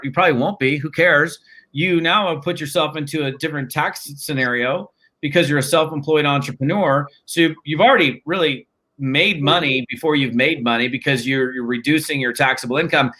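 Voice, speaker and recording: A man in his fifties, a network marketing trainer talking as an interview guest, telling stories in an energetic, casual, slangy way with frequent restarts. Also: fairly high pitch. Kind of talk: conversational interview storytelling.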